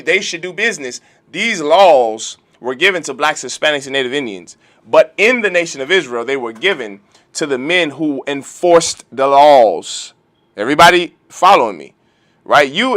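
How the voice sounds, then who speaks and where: A man's voice: on the high side, fairly bright tone. A man teaching a religious law class, preaching emphatically and firing off rhetorical questions. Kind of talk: lecture-style sermon.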